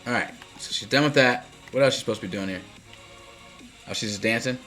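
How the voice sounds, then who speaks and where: A man with a bright, forceful voice rambles through live gameplay commentary. He is chatty, laughs easily and breaks off to answer his viewers. Soft game music plays faintly under him. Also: medium pitch, quick pace. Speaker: streamer.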